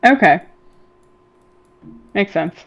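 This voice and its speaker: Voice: medium pitch, expressive, very slow, gravelly, fairly bright tone, dull audio. A player in a tabletop game chatting casually in short remarks and questions. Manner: brief, casual interjections.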